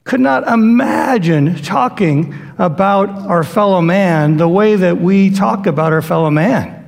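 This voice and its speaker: A man's voice: high-pitched, unhurried, creaky. A man preaching a sermon in a conversational way, acting out the voices he quotes. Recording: long hall reverb.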